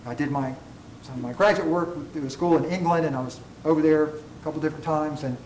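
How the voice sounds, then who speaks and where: Lecturing fast on ethics, a male college instructor digresses often and uses self-deprecating humor. His fairly high, darkish voice fills an echoey classroom, captured by a mic far away, with faint room hum beneath.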